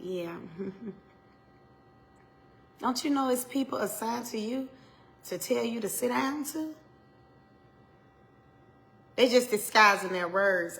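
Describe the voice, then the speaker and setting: Gravelly, bright-voiced woman preacher urging. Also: fairly high pitch, slow, pauses often. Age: 40s. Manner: emphatic and repetitive, swinging between loud urging and soft asides. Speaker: minister. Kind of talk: motivational preaching to viewers.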